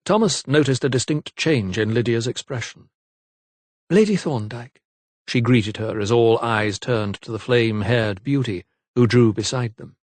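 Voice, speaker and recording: Male audiobook narrator, measured delivery, mid pitch, dry booth sound. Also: darkish tone, dry recording. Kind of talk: scripted narration.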